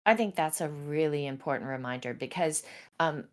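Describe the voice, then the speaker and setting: A woman hosting a podcast, asking questions in a playful, lively way. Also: deep voice, moderate pace. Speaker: podcast host. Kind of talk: casual interview talk.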